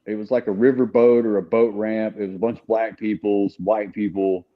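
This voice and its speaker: A man's voice: on the low side, little pitch movement, brisk, narrow, tinny audio. A man speaking as a guest in a casual conversation, recounting his experiences in an earnest, candid way. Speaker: guest telling his story.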